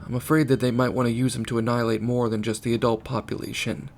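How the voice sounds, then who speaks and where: A man's voice: mid-range voice, flat delivery, fast talker, close to an everyday voice. A man voicing a serious British teenage boy leading a secret team.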